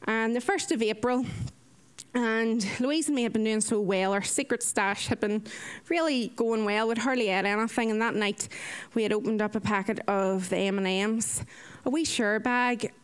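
A woman's voice: normal speed, clean tone. Earnest young woman. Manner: earnest, animated storytelling, acts out quotes in a higher voice. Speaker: mission volunteer. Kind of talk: personal faith testimony.

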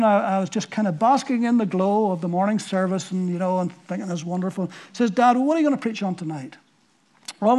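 A man's voice: high voice, darkish tone. Older man, pastor, storytelling sermon, casual delivery with restarts. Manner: storytelling, conversational with repeated words.

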